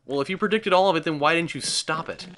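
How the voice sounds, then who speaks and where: A young man hosting a let's play, giving sarcastic, excitable gameplay commentary with frequent swearing. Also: fairly high pitch, quick pace, a little hiss or hum.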